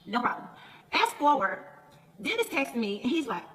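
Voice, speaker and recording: Animated high-voiced woman. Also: quick pace, big-room sound, rough recording. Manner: animated, acts out both sides of conversations. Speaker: reality TV cast member talking to viewers. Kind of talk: casual storytelling chat.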